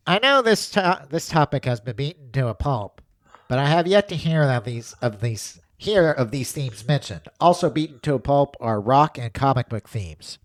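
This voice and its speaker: A man's voice: mid-range voice, lively intonation, normal speed, no echo, pitched above the performer's own voice, close to an everyday voice. A man putting on a clumsy, self-mocking mock Boston accent to read a listener's letter aloud on a podcast.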